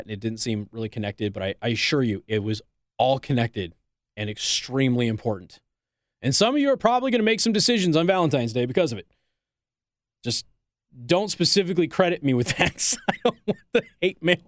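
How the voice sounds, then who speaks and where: A man's voice: mid-range voice, dry recording, clean studio sound. A man hosting talk radio, giving blunt, teasing advice in an opinionated monologue. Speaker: radio talk show host. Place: radio studio.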